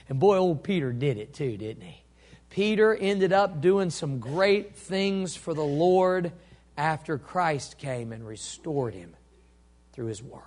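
A man preaching a sermon, moving between quiet storytelling and loud, impassioned delivery. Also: fairly high pitch, lively intonation, normal speed. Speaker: pastor.

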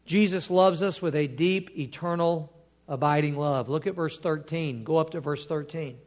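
A man preaching a sermon as pastor, quoting scripture and building to emphatic, drawn-out points. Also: fairly high pitch, darkish tone. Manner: preaching with rising emphatic bursts and drawn-out key words; quotes scripture in old King James wording.

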